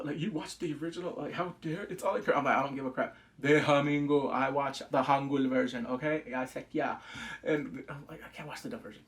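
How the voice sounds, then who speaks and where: A man giving a casual spoken review of a series, excitable and rambling, swearing freely and acting out quoted lines. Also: on the high side. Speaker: show reviewer.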